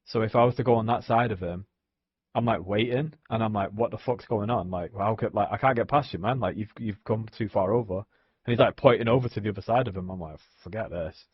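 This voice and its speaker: A man's voice: fairly low pitch, quick pace, husky, dry recording, dull audio. A young man, ranting casually on a live stream, swearing and saying "like" a lot. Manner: frustrated ranting, heavy swearing, many "like"s. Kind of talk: casual chat.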